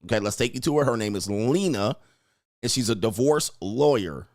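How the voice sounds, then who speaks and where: A man's voice: mid-range voice, expressive, moderate pace, a little mellow, no room sound. Guy ranting bluntly on his show, swears a lot, does little voices, dry close sound. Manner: blunt and profane, acts out quotes in other voices. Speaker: relationship commentator and host. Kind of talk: casual commentary reacting to clips.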